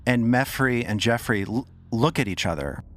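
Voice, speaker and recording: A man's voice: medium pitch, lively intonation, moderate pace, a bit bright. Man narrating as game master. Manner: loose, descriptive narration with restarts.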